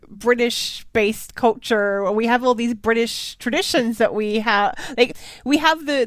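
A woman's voice: a little high, no room sound. A young Australian woman from Perth chatting casually with a wry, self-mocking humor and frequent laughs. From Perth, Western Australia. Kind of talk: casual chat.

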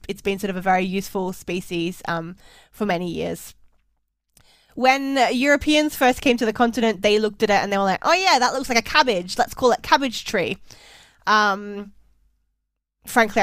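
A woman's voice: medium pitch, no echo. Australian woman from perth, young, joking about herself, laughs a lot, dry close mic. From Perth, Western Australia. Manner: wry, self-mocking, laughs often. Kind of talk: casual chat.

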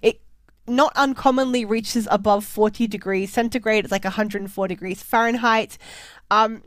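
A woman's voice: mid-range voice, fairly even intonation, moderate pace, a bit bright, no echo. A young Australian woman from Perth chatting casually with a wry, self-mocking humor and frequent laughs. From Perth, Western Australia. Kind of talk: casual chat.

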